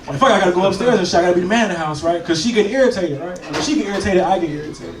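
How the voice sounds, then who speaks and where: A man's voice: sits high, expressive, racing. A young adult man doing a profane, loose stand-up set, telling stories and working the crowd. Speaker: stand-up comedian. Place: comedy club stage. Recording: roomy live club sound from a distance with crowd.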